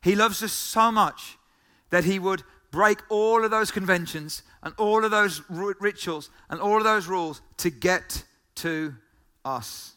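High, bright-voiced preacher. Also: male voice, unhurried, smooth. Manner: emphatic, repeats key phrases, asks the listeners questions. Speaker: pastor. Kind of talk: sermon.

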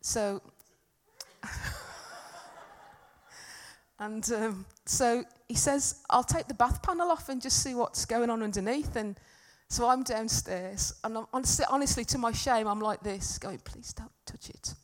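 Speaking at normal speed in a voice on the high side, a middle-aged woman gives a church talk. She shares a personal story within the sermon, chatty and poking fun at herself.

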